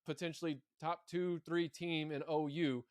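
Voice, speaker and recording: A man with a high voice co-hosts a casual college sports podcast. He talks in bursts, often repeating a word before he gets going. The sound is dry and close. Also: unhurried, no echo. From Arkansas. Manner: animated, repeats words when thinking. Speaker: podcast co-host.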